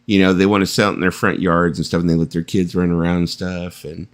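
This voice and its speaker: The host of this casual late-night live-stream chat is a fast-talking man with a low voice. He's animated, keeps joking, and laughs often.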